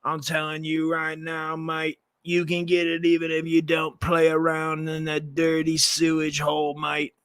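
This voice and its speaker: Brash, dim-witted British bloke, a man's put-on voice: high, exaggerated mock-British accent, comic. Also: monotone, unhurried, hardly any pauses, fairly bright tone, smooth, no room sound.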